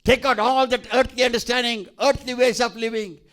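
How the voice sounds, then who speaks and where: A male pastor preaching a sermon, emphatic and repetitive, pausing for scripture readings. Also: very high voice, fairly even intonation, a bit bright.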